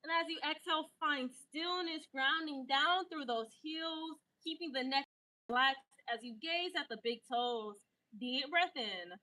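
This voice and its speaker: Yoga teacher lady talking you through a flow, high bright voice, easygoing and slangy. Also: poor audio. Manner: calm cueing that breaks into chatty, animated asides; casual slangy talk. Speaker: yoga instructor. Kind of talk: guided yoga class.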